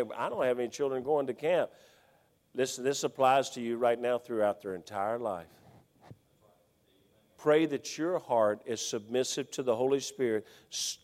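A middle-aged man preaches in a plain, medium-pitched voice. His delivery is folksy and swings from shouted appeals to quiet, hushed stories. A long reverb from the church hall trails his words. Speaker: pastor. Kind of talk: sermon.

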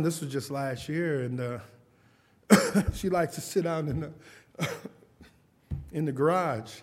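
A middle-aged man preaching a sermon testimony in a church, telling family stories with frequent chuckles and calls for amen. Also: medium pitch. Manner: lively storytelling, chuckles often, calls for amens.

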